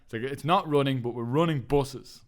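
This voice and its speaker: A man's voice: medium pitch, brisk. A young Irish man co-hosting a podcast, telling a long story in casual chat and acting out other people's lines as he goes. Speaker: podcast co-host.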